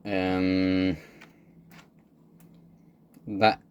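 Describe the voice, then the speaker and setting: A man's voice: deep voice, completely flat delivery, very slow, a little mellow, clean tone, muffled recording. A man giving casual, joking gameplay commentary, laid-back and swearing freely. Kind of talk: casual let's-play commentary.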